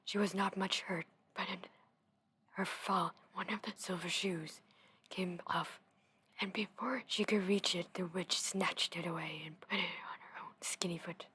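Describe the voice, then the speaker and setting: A young woman reading a storybook in a soft whisper into a close mic, with casual chatty asides. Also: lowish voice, fairly even intonation, unhurried, slightly rough. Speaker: gaming video host reading aloud.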